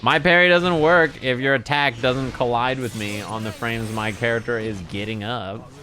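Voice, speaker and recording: Bright-voiced, profane male streamer. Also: medium pitch, fairly even intonation, normal speed. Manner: profane, rambling, exasperated. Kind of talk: casual live-stream chat while playing.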